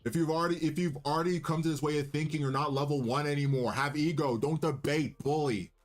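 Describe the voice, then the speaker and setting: A man's voice: fairly high pitch, fairly even intonation, fast talker, faint music behind. A young man hosting his own livestream, chatting loosely and cockily with restarts and fillers. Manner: loose, rambling, cocky banter with restarts. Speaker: livestream host and musician. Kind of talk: casual livestream chat.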